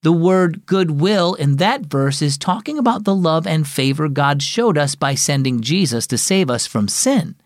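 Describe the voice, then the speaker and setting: A man voicing a weary but gentle mother in a children's story. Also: on the high side, lively intonation, a little slow, few pauses, no room sound, clean studio sound.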